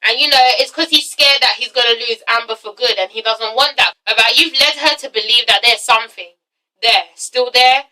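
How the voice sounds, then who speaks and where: A high, very bright young woman's voice, heard from a little way off the mic. She talks about a reality show in a casual, emphatic way, swearing freely and tagging lines with "okay?" and "all right?". She acts out quotes with big jumps in pitch. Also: moderate pace, recorded from a distance, low-quality recording. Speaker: vlogger reviewing a reality show. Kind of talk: casual vlog review.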